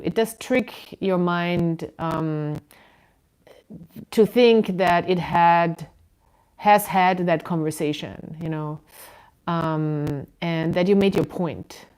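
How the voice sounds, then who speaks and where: A woman giving a casual tarot reading from indoors at home, musing and unhurried, with frequent ums and soft laughs. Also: on the low side, smooth, low-quality recording. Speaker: tarot reader.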